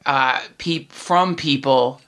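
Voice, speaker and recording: A man's voice: medium pitch, slow pace, fairly bright tone. A man hosting a podcast, talking in a playful, rambling, joking way. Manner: playful, rambling comic monologue. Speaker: podcast host. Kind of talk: casual chat.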